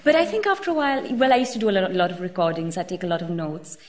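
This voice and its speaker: A woman author and journalist speaking in an onstage conversation, lively and expressive with some restarts. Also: fairly low pitch, rapid-fire.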